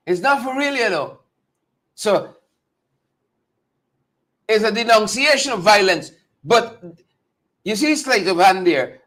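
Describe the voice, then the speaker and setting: A man hosting a live political talk show, talking straight to viewers in a mocking, animated way. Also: high-pitched. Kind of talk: casual live-stream commentary.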